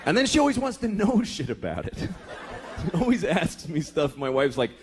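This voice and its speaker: Male comic, 30s, crude and exasperated, slightly high voice, live club with laughing crowd and noise. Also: sing-song, normal speed. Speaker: stand-up comedian. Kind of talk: stand-up comedy routine. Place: comedy club stage with audience.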